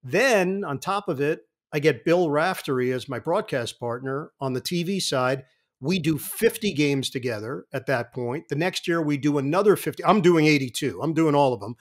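A man in his fifties who tells his stories with lively, vivid detail. His voice sits somewhat above the usual male pitch, and he speaks as a guest in an interview. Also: normal speed. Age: 50s. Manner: vivid storyteller, animated. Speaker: guest sportscaster. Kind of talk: anecdotal interview talk.

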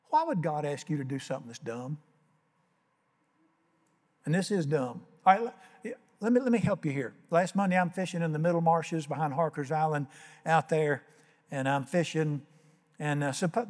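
A man's voice: fairly high pitch, animated, moderate pace, long pauses, a little mellow, in a large hall. An older man preaching a sermon as pastor, telling folksy stories and acting out the voices. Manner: folksy storytelling, acts out voices.

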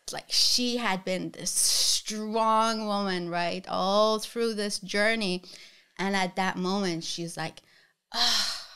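A middle-aged woman from the Middle East tells her story in an interview, her voice smooth and clean. She speaks at a middle pitch and keeps the story moving with lively restarts. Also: takes it slowly. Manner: animated storyteller, often resets with "so anyways". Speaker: guest, florist and talk show host.

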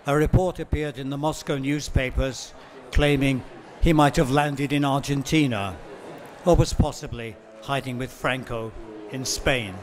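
A man speaking as a literary translator at a book-fair talk, reading excerpts in a measured way with occasional ums and self-corrections. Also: mid-range voice.

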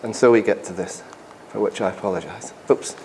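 A man's voice: fairly low pitch, brisk, vocal fry, heavy background noise. A man, an airline pilot, giving a conversational and emphatic conference presentation in a hall, with asides to the audience.

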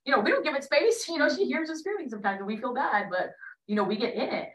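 A woman quoting a child's parents, raising her voice higher as she repeats their sheepish admission that they fight. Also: fast, a bit bright. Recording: roomy, from a distance to the mic.

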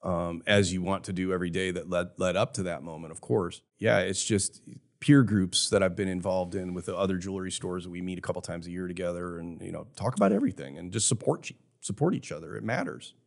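A man's voice: low voice, fast talker, gravelly, hardly any pauses. A man in his fifties who owns a jewelry store, talking earnestly and reflectively in a casual podcast conversation. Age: 50s. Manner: earnest, reflective, emotional at times.

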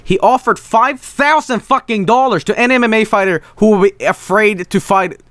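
A young adult man streaming, reacting with excitable, profane, animated storytelling. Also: high voice, moderate pace, dry recording. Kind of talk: live stream reaction commentary.

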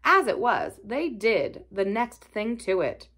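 A woman reading a classic novel aloud for a library, telling it in an expressive storytelling way. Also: medium pitch, slow. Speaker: library reader.

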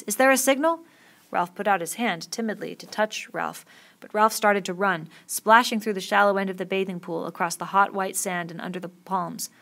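A woman reading a novel aloud with steady, expressive storytelling. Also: on the low side. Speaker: audiobook reader.

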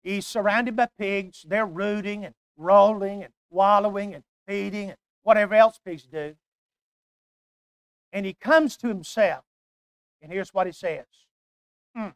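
Older man, preacher, sermon, emphatic, hushed-to-loud swings, smooth resonant voice, dry close sound. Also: high voice, fairly even intonation, measured pace, no room sound.

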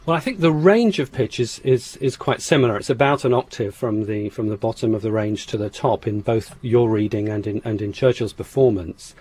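A man's voice: lowish voice, normal speed, hardly any pauses, darkish tone, slightly rough. A man, a phonetics expert, explaining in an interview, hesitant with restarts and easy laughs.

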